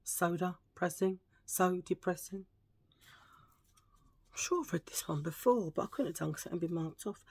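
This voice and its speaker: A middle-aged woman chatting casually to camera as a vlogger, playful and prone to hushed asides. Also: on the low side, animated, fast talker, gravelly, hardly any pauses, breathy edge, dry recording.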